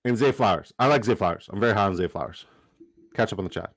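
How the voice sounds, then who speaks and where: Young male streamer, excitable and profane, chatty asides, dry recording. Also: lowish voice, fast talker, no room sound. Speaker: livestream host. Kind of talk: casual livestream chat.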